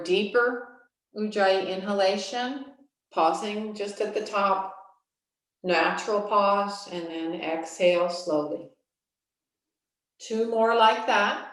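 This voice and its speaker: A woman, a yoga teacher, guiding a breathing practice with slow, calm, soothing instructions and long pauses. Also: medium pitch. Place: yoga studio. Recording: very echoey room, voice from a distance.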